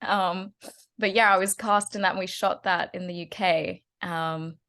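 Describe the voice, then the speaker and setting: A woman's voice: lowish voice, fairly even intonation, measured pace, a bit bright. A woman in her twenties from Australia with an Australian accent, chatting as a guest actress and laughing often. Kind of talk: casual interview chat.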